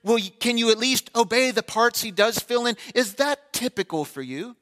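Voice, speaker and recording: Bright-voiced preacher man, high pitched. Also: expressive, normal speed. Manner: asks the congregation rhetorical questions and briefly acts out their replies. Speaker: pastor. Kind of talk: sermon.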